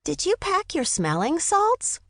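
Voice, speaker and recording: A woman narrator voicing a cheeky boy twin who teases his mother, in a lively audiobook reading. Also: measured pace, no room sound, clean studio sound, heavily acted. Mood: teasing. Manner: teasing, high boyish voice.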